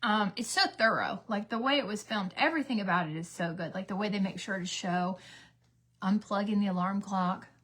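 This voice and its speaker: A woman's voice: medium pitch, brisk, a bit bright. A middle-aged woman, a mother, chatting casually as she tells a story with many fillers while getting ready. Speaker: beauty vlogger, mother. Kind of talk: casual get-ready-with-me chat.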